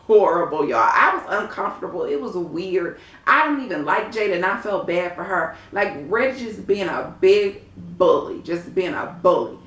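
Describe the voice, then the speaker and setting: A woman talks straight to her viewers in a casual reality-TV review vlog. Her delivery is animated and sassy, and her voice sits at a middle pitch. The recording carries a noticeable roomy echo. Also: moderate pace.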